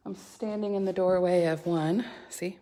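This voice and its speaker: Chatty woman, lowish voice. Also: fairly even intonation, moderate pace, dark tone. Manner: chatty and gushing. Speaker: homeowner vlogger. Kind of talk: home tour vlog. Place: house under construction, indoors.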